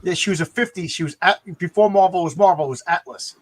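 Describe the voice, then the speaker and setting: A man's voice: high-pitched, fast talker, no room sound. A man co-hosting a casual talk about comic books, rambling and often repeating words as he thinks. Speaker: podcast co-host. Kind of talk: casual comic book discussion.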